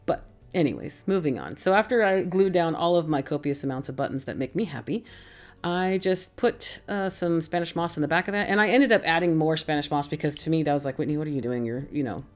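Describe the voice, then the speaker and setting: A woman's voice: deep voice, lively intonation, fairly quick, soft background music. A middle-aged woman hosting a craft tutorial, talking through her steps in a chatty, rambling, self-deprecating way. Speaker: craft channel host. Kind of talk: casual craft tutorial voice-over.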